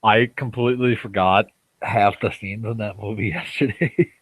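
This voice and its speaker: A man's voice: lowish voice, normal speed, slightly rough, no room sound. A young man from Minnesota joking around casually in a voice chat, cursing now and then.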